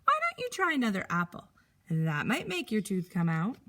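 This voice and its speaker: A woman's voice: medium pitch, wildly swooping pitch, moderate pace, fairly bright tone. A woman voicing a fussing mother in a storybook reading, with sing-song exclamations.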